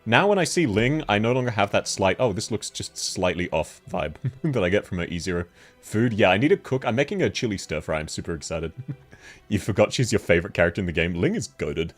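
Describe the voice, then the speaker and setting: A man with an Australian accent, chatting casually on a game stream, laughing often as he answers chat. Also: lowish voice.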